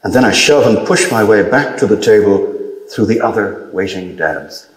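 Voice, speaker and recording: A man reading his own literary story aloud in a measured, dry manner. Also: fairly low pitch, lively intonation, roomy sound, low-quality recording. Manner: measured, dry storytelling with brief lifts for quoted dialogue.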